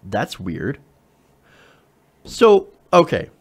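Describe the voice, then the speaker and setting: Sarcastic man with a lively voice. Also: mid-range voice, very slow, husky. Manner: sarcastic, profane, laughs at what he reads. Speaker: political commentary host. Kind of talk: reading and mocking an op-ed, casual commentary.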